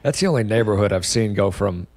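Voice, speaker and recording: Male podcast guest from LA, relaxed and wry, dry close recording. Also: fairly low pitch, fast, dry recording. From Los Angeles area. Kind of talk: casual chat.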